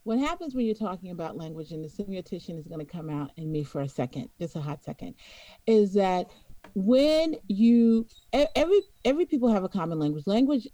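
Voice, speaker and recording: A woman's voice: fairly low pitch, mellow, no room sound, poor audio. Emphatic New York woman lecturing. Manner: emphatic, lecturing, checks in with frequent "okay?". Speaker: podcast co-host. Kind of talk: casual opinionated discussion.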